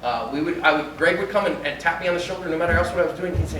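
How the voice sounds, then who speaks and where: A man who is a pastor, giving an animated conference talk and acting out little dialogues. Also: a little high, rapid-fire, few pauses, slight background noise. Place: large conference hall. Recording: echoey hall from far off.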